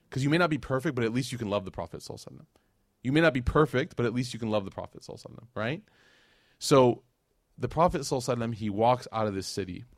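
A man giving a religious lecture as a casual, animated story, with slangy asides to the audience. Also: fairly low pitch, dry recording, clean studio sound. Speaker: Islamic lecturer.

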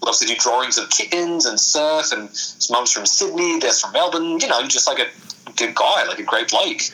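A man's voice: medium pitch, lively intonation, poor audio. A man who is a guest on a podcast, talking casually in an effusive way and laughing readily. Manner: effusive, warm-hearted, quick to laugh.

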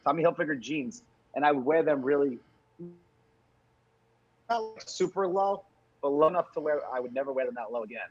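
Co-host, male, from New York, husky higher voice, teasing and animated, dull lo-fi recording. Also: brisk, long pauses. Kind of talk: casual chat.

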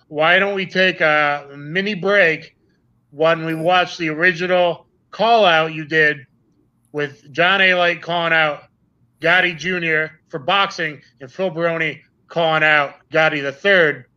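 A man's voice: a little high, bright, forceful tone. A man hosting a podcast interview, chatting casually in a wry, joking manner. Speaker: podcast host. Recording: dull lo-fi sound.

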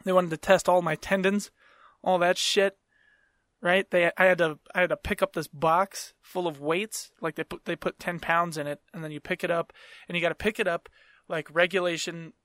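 This podcast host has a high, fairly bright voice with fairly even intonation and a moderate pace. In a casual chat, he rambles through stories, swearing freely and laughing mid-sentence. The studio sound is clean, with no room sound.

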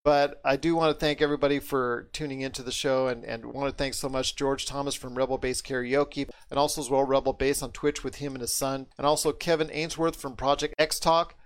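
A man from the United States hosting a podcast, talking with enthusiastic, drawn-out emphasis. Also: medium pitch, little pitch movement, clean tone. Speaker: podcast host. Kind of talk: casual podcast chat.

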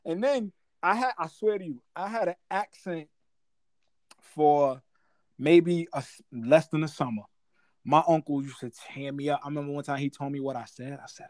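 A Guyanese man in his forties chats casually, telling animated stories packed with slang and punctuated by laughter. His voice is slightly high, his pace normal, and there's no echo.

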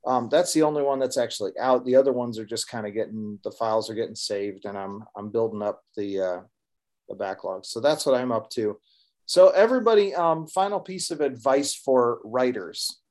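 A man's voice: medium pitch, moderate pace, darkish tone. A man co-hosting a podcast, chatting casually and rambling a little with fillers. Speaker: podcast co-host and author. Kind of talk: casual chat.

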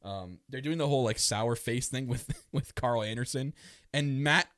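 A man's voice: medium pitch, moderate pace, dry recording, studio quality. A man co-hosting a podcast, chatting casually about wrestling, laughing a lot and acting out quotes. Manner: laughs often, animated, acts out quotes. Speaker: podcast co-host. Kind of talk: casual wrestling recap chat.

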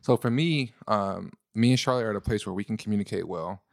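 A man co-hosting a casual relationship talk, telling stories in an animated way. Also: quick pace, gravelly, no room sound, clean studio sound. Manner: animated storyteller, jumps into a high falsetto to tease. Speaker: podcast co-host.

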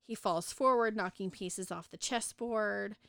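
Woman co-host, casual book-club recap, smooth clear voice, dry close sound. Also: medium pitch, measured pace, a bit bright, no room sound. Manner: chatty, retells the plot with many "like" and "um". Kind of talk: casual book recap, reading passages aloud.

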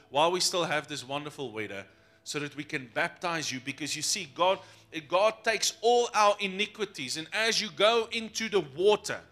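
A man preaches a lively sermon. His voice sits high and sounds bright and forward. He jokes and slips into the voices of his congregation to make his points. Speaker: pastor.

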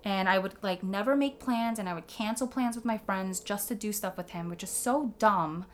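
A medium-pitched woman talks at a normal speed, telling a personal story in a relaxed conversation. She's candid and unfiltered, swears freely, and fills her speech with plenty of "like."

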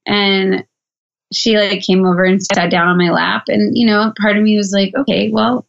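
A woman's voice: medium pitch, flat delivery, normal speed, gravelly. A woman and mother talking earnestly in a casual podcast chat, full of "like" fillers. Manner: chatty, earnest, many "like" fillers. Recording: dull lo-fi sound.

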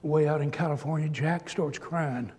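A man's voice: fairly high pitch, steady tone, moderate pace, darkish tone, husky. A man preaching a sermon, telling stories and building to emphatic exhortation. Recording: long hall reverb.

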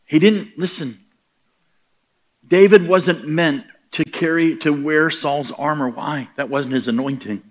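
A man's voice: fairly high pitch, unhurried. Emphatic storytelling male preacher. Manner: storytelling preacher, acts out quoted voices, rising emphatic punches. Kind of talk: sermon.

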